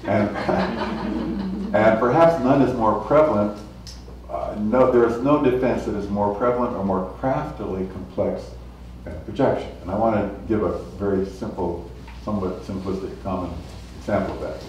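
A man giving a public lecture in a measured, explanatory way, illustrating points with small anecdotes. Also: on the low side, darkish tone, slight background noise. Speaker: guest lecturer. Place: lecture hall. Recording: echoey hall, mic from a distance.

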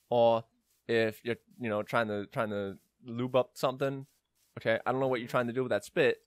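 A man's voice: medium pitch, no room sound, studio quality. A young man giving casual let's-play commentary, rambling with joking asides as he plays. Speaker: gamer.

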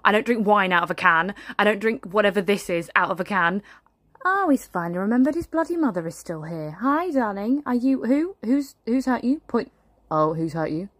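A woman's voice: fairly low pitch, animated, a little fast, fairly bright tone, no echo. A woman playing a haughty aristocratic mother stuck at a children's party, muttering snobbish, grumbling asides. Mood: fake sweet. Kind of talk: comic sketch monologue.

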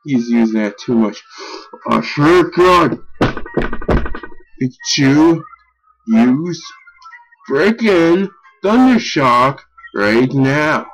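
A young man giving casual gameplay commentary, excitable and easily frustrated, swearing and yelling at his game. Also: mid-range voice, extremely slow, pauses often, soft background music, low-quality recording. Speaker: let's play gamer.

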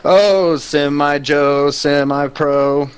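A young man streaming a car soccer game, chatting casually with crude jokes and shouting at plays. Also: on the high side, fairly even intonation, extremely slow, smooth, poor audio.

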